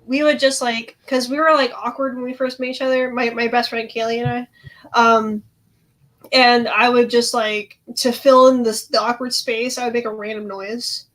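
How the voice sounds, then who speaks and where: A woman with a high, light voice, chatting casually on a podcast. She is giggly and self-deprecating. Her laughs break up her sentences. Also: little pitch movement, normal speed, a bit bright. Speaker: podcast co-host. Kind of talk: casual chat.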